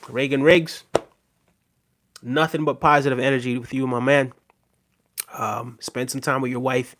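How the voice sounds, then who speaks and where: A man talks casually on a livestream, reading viewer comments and answering them in an easygoing way. His voice sits at an ordinary middle pitch, and his sentences loop back with checks like "right?" and "you know". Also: steady tone, moderate pace, long pauses, fairly bright tone. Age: adult with a daughter. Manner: laid-back, chats to viewers, often tags "right?".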